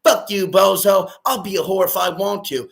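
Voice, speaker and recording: A brash, defiant young woman, as a man puts her on. The voice is raised in pitch and loud, and it snaps back with attitude. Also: moderate pace, creaky.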